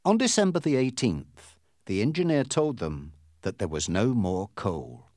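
A man reading a storybook aloud as narrator in a clear, deliberate way. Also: lowish voice, sing-song, a little mellow, no echo, studio quality.

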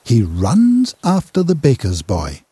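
A man narrating a simple children's reader slowly and carefully. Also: medium pitch, huge pitch swings, dark tone. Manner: slow, clear, careful reading. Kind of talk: graded reader audiobook narration.

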